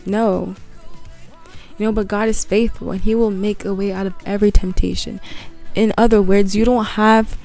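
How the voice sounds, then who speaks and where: A young woman talks earnestly into her podcast mic, blunt and casual with bits of slang and the odd restart. Her voice is mellow and a little tired. Faint music runs underneath. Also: medium pitch. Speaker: podcast host. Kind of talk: casual Christian devotional podcast.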